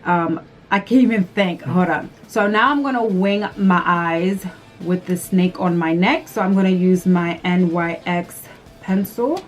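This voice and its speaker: A woman vlogger chatting casually through a makeup tutorial, nervous and excitable, gasping and squealing often. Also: on the low side, unhurried, faint music behind. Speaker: beauty vlogger.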